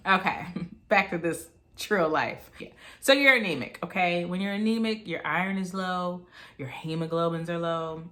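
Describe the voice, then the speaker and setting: Animated bright-voiced woman in her thirties. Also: lowish voice. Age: 30s. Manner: animated, chatty storytelling with asides to viewers. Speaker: vlogger. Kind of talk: storytelling vlog.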